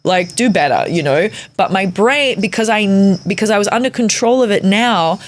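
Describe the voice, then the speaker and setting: A woman in her forties, a comedian guest on a podcast, telling a story in an animated, comic way with casual swearing. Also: medium pitch, normal speed. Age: 40s.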